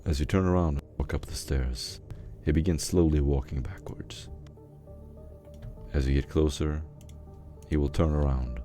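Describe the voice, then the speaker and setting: A man with an extremely low voice narrates a tabletop game as its game master. He sets scenes at an easy pace, with the odd "uh", while soft music plays underneath. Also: fairly even intonation. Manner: descriptive, unhurried scene-setting with fillers.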